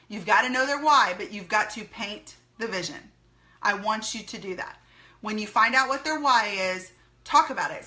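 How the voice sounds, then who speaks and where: A woman's voice: mid-range voice, bright, forceful tone. A woman giving an upbeat recorded training talk to her sales team, repeating key phrases as she coaches.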